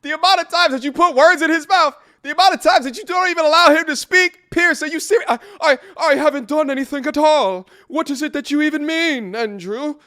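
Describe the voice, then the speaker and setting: A man putting on a high, mocking imitation of a posh British male interviewer. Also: drawn-out words, full character voice. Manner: squeaky, mocking exaggerated British accent.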